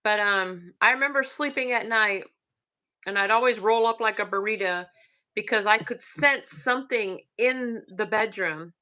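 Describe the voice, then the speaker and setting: A woman with a Southern accent tells her eerie tale in a casual, halting way, often dropping to a hush. Her voice is bright and forward, sitting at an ordinary middle pitch. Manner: hushed, halting, many fillers. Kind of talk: casual storytelling.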